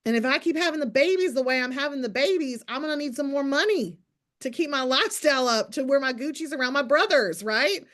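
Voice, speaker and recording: A woman in her thirties coaching her accountability group on a call, talking fast and emphatically in a preachy, teasing pep talk. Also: high-pitched, expressive, fairly bright tone.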